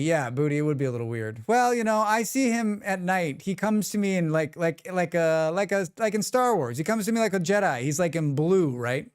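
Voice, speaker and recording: A man's voice: high-pitched, expressive, fairly quick, few pauses, clean tone, no echo, studio quality. A man streaming live, chatting casually and joking with his chat. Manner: rambling, joking, reacts to chat.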